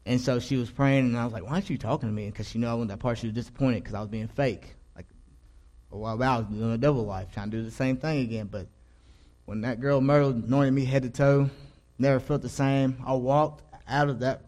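Young male choir leader, mid-pitched voice, loose rambling testimony delivery that drops to a hush for his quoted thoughts. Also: steady tone, fairly quick. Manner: casual, rambling, restarts, quotes his own thoughts in a hushed voice. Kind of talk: personal faith testimony.

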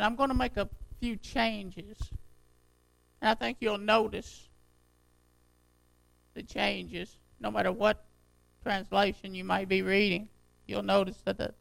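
Older pastor with a gravelly, unsteady voice. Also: male voice, high-pitched, measured pace, a bit bright, no echo, poor audio. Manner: folksy, conversational preaching with repeated phrases. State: voice unsteady, jumping in pitch. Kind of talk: sermon. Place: church.

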